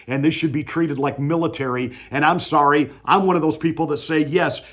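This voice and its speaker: A male pastor giving political commentary in a combative, emphatic, mocking way. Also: a little high.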